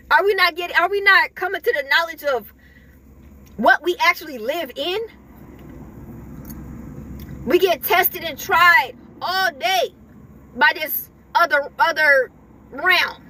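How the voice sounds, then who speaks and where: A woman's voice: very high-pitched, pushed and bright. A woman giving an emphatic, repetitive spiritual pep talk to her viewers, chuckling between points. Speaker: spiritual vlogger.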